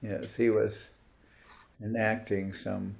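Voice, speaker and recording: Slow, gravelly man teaching over a video call. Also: on the low side, little pitch movement, a little mellow. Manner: musing, searches aloud for words and names. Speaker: spiritual teacher. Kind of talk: informal online talk to devotees.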